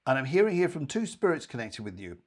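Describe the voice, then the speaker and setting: A man's voice: medium pitch, big pitch swings, fast talker. A man hosting a live psychic show, giving readings in a chatty, rambling way with playful asides.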